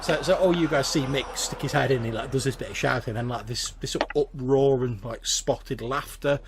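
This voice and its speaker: A man's voice: mid-range voice, fairly quick, background noise. A man narrating a tabletop game as game master, in a casual, rambling way. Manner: casual, rambling, filler-heavy.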